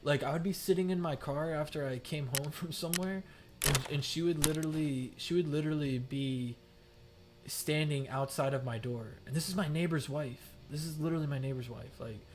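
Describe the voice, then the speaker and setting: A man's voice: mid-range voice, noisy background. A young adult man streaming a game, telling a rambling story full of "like" fillers and swearing. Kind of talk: casual storytelling. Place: home gaming setup.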